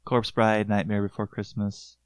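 A man's voice: lowish voice, monotone, normal speed, a crowd in the background. A man in a casual chat, easygoing and thoughtful.

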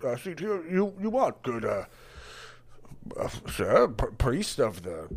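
A man's voice: mid-range voice, wildly swooping pitch, takes it slowly, vocal fry, full character voice. A man doing a fumbling half-elf barkeeper. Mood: startled. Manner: fumbling, stammering. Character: large half-elf male barkeeper, caught off guard.

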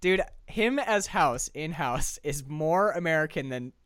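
A man's voice: a little high, animated, measured pace, fairly bright tone. A man co-hosting a casual movie chat podcast, talking with enthusiasm, rambling and laughing often. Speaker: podcast co-host.

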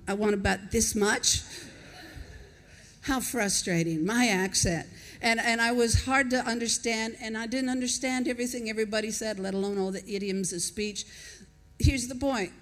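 An older American woman with an American accent softened by years in Australia, preaching a conversational sermon and telling stories to her congregation. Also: a little high. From United States. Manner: conversational, storytelling, laughs with the congregation. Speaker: pastor. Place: church auditorium. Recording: reverberant church hall.

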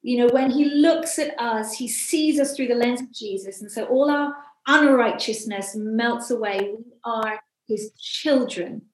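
Chatty woman with a high voice. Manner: chatty storyteller, quick asides. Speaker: podcast co-host. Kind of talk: casual faith discussion. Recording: echoey room.

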